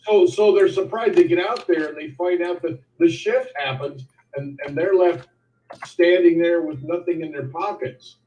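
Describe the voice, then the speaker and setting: A man talks bluntly, lecturing and reaching for analogies in a casual discussion. His voice sits a little high. It sounds echoey, as if he is a few feet from the mic. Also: normal speed, a little mellow, distant mic, dull audio. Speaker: co-host. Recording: roomy echo, from off-mic.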